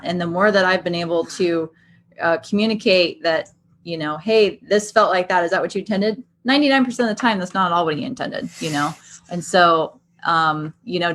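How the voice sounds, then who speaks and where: A woman's voice: fairly low pitch, a bit bright. A woman talking as a podcast guest in casual chat, earnest, acting out the lines she quotes.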